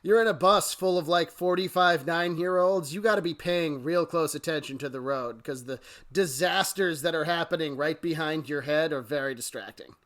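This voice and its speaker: A man's voice: a little high, normal speed, a bit bright. A man co-hosting a podcast, breaking down wrestling promos analytically and acting out the lines he quotes. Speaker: podcast co-host. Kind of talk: casual chat with analysis.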